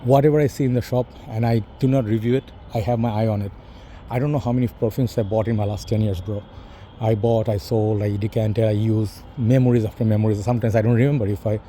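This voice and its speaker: A man's voice: fairly low pitch, fairly even intonation, fast talker, warm tone, a little hiss or hum. A middle-aged man with a Bangladeshi English accent, a fragrance reviewer talking to camera in a casual, rambling monologue full of "you know" and "bro".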